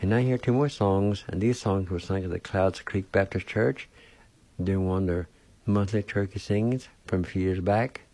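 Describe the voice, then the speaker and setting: A man hosting a radio language lesson, spelling out words and pronouncing them with slow, deliberate care. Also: low-pitched, a little mellow, no room sound. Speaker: language teacher and radio host.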